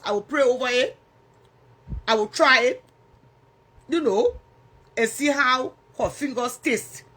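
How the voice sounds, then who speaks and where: A woman's voice: sits high, fairly bright tone, husky. A woman with a Liberian English accent hosting a casual livestream, chatting and teasing viewers as she answers their comments. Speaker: livestream host.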